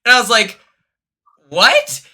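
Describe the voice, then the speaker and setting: A man hosting a casual livestream chat, telling stories quickly and excitably with lots of fillers. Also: high-pitched. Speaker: streamer host.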